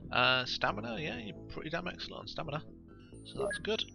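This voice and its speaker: A man's voice: a little high, animated, fairly quick, creaky, music in the background. A man giving rambling, casual let's play commentary, full of ums and uhs.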